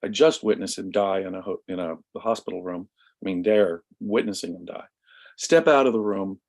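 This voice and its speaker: A man in a casual discussion, telling a story in an emphatic, animated way. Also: sits low, moderate pace. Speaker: guest commentator.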